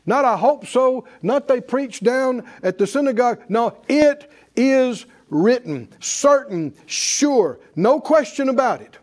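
In a church before a congregation, a man preaches with a very high voice and lively intonation, calling out questions and repeating key phrases for emphasis in call-and-response style. He takes it slowly yet leaves hardly any pauses.

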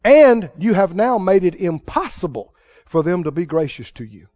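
A man preaching a sermon as pastor, fervent, with sudden bursts of loud praise. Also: high voice, big pitch swings, normal speed, no echo, lo-fi sound.

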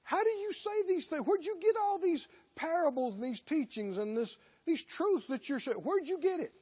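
A man's voice: very high voice, animated, normal speed, pitched above the performer's own voice. A man preaching who voices scoffing, incredulous religious leaders firing rising questions. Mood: indignant. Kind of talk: sermon. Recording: dull lo-fi recording.

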